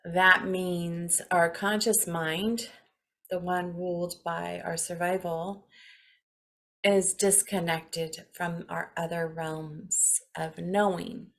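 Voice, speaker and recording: Spiritual talk host, woman, 40s; unhurried, heartfelt delivery, gravelly edge. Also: on the low side, little pitch movement, slight background noise. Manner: slow, earnest, gently emotional, with soft laughs.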